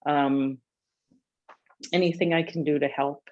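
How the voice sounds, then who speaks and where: Upbeat lower-voiced woman instructor, chatty, laughs easily, muffled video-call audio. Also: fairly even intonation, measured pace. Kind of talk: leading a group laughter exercise over video.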